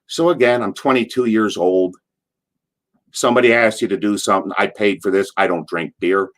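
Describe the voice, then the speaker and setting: An older man and former wrestler, a guest in an interview, spinning long anecdotes with lively restarts and repeated words. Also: deep voice. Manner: animated retelling with frequent restarts and repeated words. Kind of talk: anecdotal storytelling.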